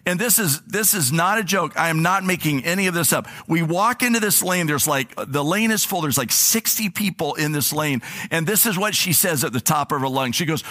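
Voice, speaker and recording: A man's voice: fairly high pitch, expressive, fairly quick, bright, forceful tone. A male pastor giving a conversational sermon. He tells personal stories in an earnest way. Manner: earnest, storytelling, anecdotal.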